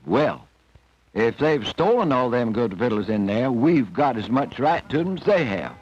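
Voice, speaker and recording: A man's voice: medium pitch, very animated, unhurried, dry recording. A man voicing a bold, easygoing farm boy in a folksy drawl, from an old film soundtrack. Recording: dull old film soundtrack, faint music.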